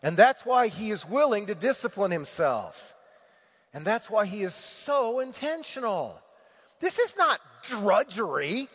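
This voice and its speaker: High-voiced male pastor preaching. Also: very animated, a little slow, a bit bright, husky, in a large hall. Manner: conversational preaching, frequent rhetorical questions and repetition. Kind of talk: sermon.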